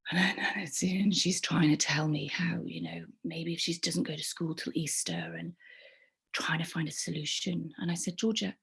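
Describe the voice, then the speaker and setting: A middle-aged woman telling a personal story in a halting, rambling way, with many restarts and soft whispered asides. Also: sits low, fairly even intonation, vocal fry, husky. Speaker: community group member.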